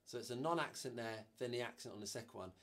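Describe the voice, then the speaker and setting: A man's voice: mid-range voice, fast talker, a bit bright. Man teaching drums, counting beats aloud. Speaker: drum teacher. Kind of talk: instructional drum lesson.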